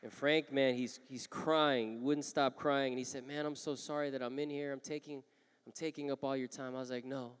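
A man with a Southern Californian accent preaches a sermon in a big church hall, his voice at an ordinary middle pitch. He shifts between quiet storytelling and rising, impassioned calls to the crowd. The long reverb of the hall trails every phrase, and soft instrumental music plays behind him. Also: fairly even intonation, a little fast, clean tone. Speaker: pastor. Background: music playing.

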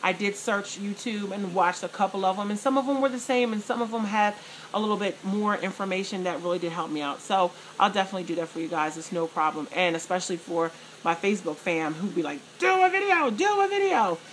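Excited chatty woman vlogger. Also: medium pitch, fast, a little hiss or hum, rough recording. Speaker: vlogger and plus-size model. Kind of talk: casual chat to viewers.

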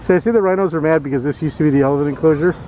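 A man with a slightly high, dark-toned voice fires off jokes and chatty vlog commentary to his viewers while visiting a zoo outdoors. He talks rapidly, and the low-quality recording carries slight background noise.

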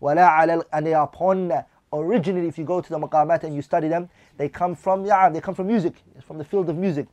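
A man's voice: a little high, fairly even intonation, racing, darkish tone, dry recording. A man teaching a religious class, reading lines of Arabic text and then explaining them in English while putting questions to his listeners.

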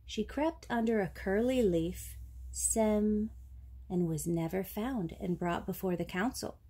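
A woman reading a children's picture book aloud, slow, clear and expressive. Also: mid-range voice. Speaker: storybook reader. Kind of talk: children's story read-aloud.

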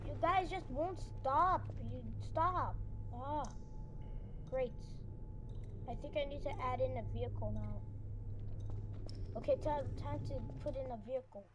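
A woman narrating her own gameplay in an excitable, stammering way, often yelling at enemies. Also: high-pitched, unhurried, long pauses, background noise. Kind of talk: let's-play commentary. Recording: loud game sound behind the voice.

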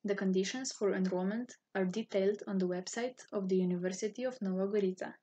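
Woman, English, husky breathy tone, formal scripted narration. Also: mid-range voice, fast talker. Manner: formal, even-toned reading. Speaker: university student office staff.

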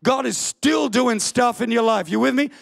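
A man preaching an impassioned sermon in church, often bursting into shouts. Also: very high voice, moderate pace, creaky. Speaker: pastor. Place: church hall.

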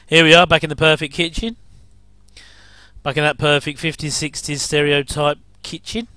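A man's voice: on the high side, flat delivery, moderate pace, pushed and bright, clean tone, dry recording. A man giving a casual, rambling commentary over an old TV episode, with frequent chuckling asides.

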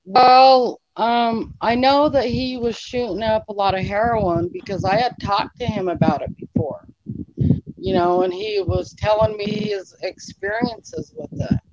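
A woman's voice: on the high side, expressive, unhurried, gravelly, a little mellow, highs cut off. A woman guest telling a personal story in a rambling, emotional way, acting out what people said. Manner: rambling, emotional retelling with quoted dialogue. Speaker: interview guest. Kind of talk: casual storytelling.

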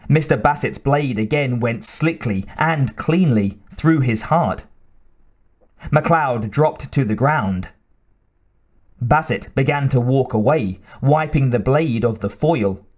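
Expressive, unhurried male storyteller. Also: mid-range voice. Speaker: audiobook reader. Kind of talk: scripted narration.

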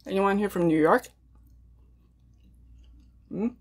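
Hosting a mukbang eating video, a young woman chats casually with her viewers between bites. Her voice is lowish and darkish, a little slow, with long pauses.

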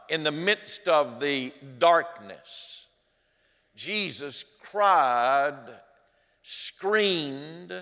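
A man preaching slowly with a bright, earnest voice in a reverberant church. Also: a little high. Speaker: pastor. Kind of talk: sermon. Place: church sanctuary. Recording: long hall reverb.

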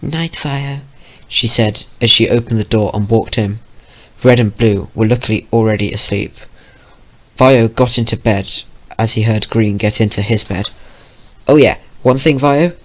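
A man reading a fan story aloud in a plain, steady way. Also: lowish voice, normal speed. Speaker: fanfiction reader.

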